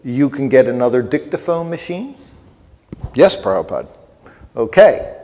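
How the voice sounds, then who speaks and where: A man's voice: medium pitch, big pitch swings, normal speed, dark tone, natural voice. A man putting on the voice of an elderly male guru who speaks mildly and with a straight face, in a hall with long reverb. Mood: matter-of-fact. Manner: straight-faced, mild, practical. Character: calm elderly male guru, gently concerned.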